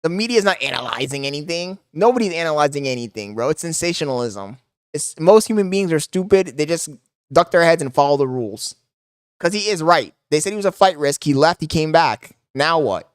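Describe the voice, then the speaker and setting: A man's voice: on the high side, lively intonation, a little fast, clear, resonant tone, no room sound, clean studio sound. A man streaming live, mocking clips in crude, swearing commentary.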